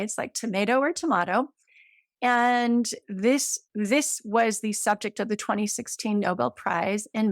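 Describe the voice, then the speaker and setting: A woman's voice: mid-range voice, no echo, clean studio sound. A woman in her fifties, a guest in an interview, explaining science with enthusiasm, checking in with "right?" and using everyday comparisons. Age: 50s.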